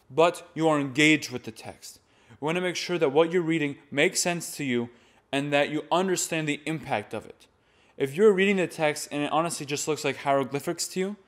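Young guy teaching chant, a bit high pitched, explains then demos. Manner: demonstrates by reading and chanting examples. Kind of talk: instructional talk.

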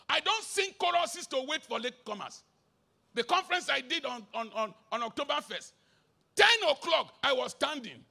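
A middle-aged Nigerian man preaching an emphatic sermon. He has a Nigerian accent and moves between shouted bursts and low asides, slipping into Pidgin. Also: very animated, moderate pace, creaky.

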